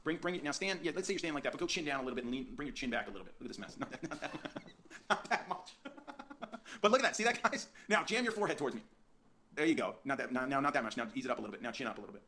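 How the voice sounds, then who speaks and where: A man teaching portrait posing in his photo studio, directing a subject with energetic, repetitive coaching. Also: medium pitch, slight background noise. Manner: rapid, energetic coaching with frequent restarts and repeats.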